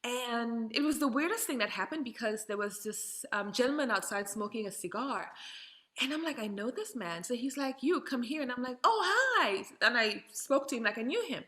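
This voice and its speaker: A woman from Saint Martin, a guest in an interview, telling her story in a lively, chatty way, acting out the people she quotes and laughing often. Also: a little high, fairly quick. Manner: animated storyteller who acts out quoted voices and laughs often. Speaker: interview guest, model and doll entrepreneur.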